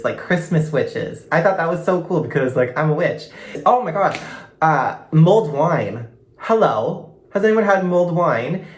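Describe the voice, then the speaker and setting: A young man from Canada chatting casually in a vlog, gushing and bubbly, full of "like" fillers. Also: fairly high pitch. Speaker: vlogger. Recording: echoey room.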